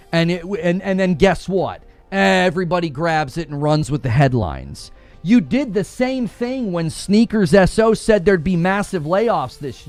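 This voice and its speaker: A man hosting a gaming commentary show, ranting in a heated, indignant and sarcastic way. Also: sits high.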